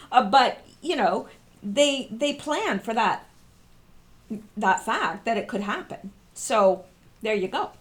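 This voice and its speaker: A woman's voice: a little high, animated, slow pace, long pauses. American woman explaining political posts. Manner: repetitive, emphatic, reads statements aloud. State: coughing, throat clearing. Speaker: political commentary host. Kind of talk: casual commentary, reading posts aloud.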